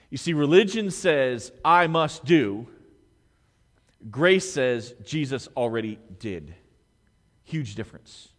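A man preaching a sermon as a pastor, swinging between loud, emphatic stretches and hushed, quiet ones. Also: mid-range voice, lively intonation, unhurried, big-room sound. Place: church sanctuary.

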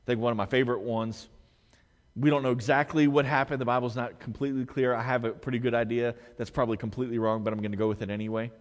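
A man preaches from the pulpit, his voice at an ordinary middle pitch. He swings from loud, emphatic stretches to hushed, quiet ones. A long reverb hangs on every word in the church sanctuary. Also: steady tone, fast talker. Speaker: pastor. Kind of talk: sermon.

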